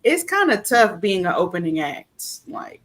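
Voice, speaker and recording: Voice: mid-range voice, big pitch swings, unhurried, a bit bright. A podcast co-host, easygoing, telling a story in casual chat. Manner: easygoing, talks through a story.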